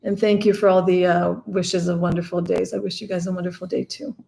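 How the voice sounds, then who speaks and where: A woman's voice: lowish voice, little pitch movement, a little fast, gravelly, mellow. A woman hosting a live stream, talking chattily and directly to her viewers. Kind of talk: casual live stream chat.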